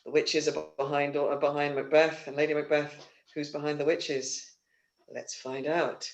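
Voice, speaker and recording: A man's voice: on the high side, flat delivery, moderate pace. A man hosting an online theatre livestream, chatty and rambling, with many fillers and restarts, talking over a video call. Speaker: theatre company host. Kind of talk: casual livestream announcements.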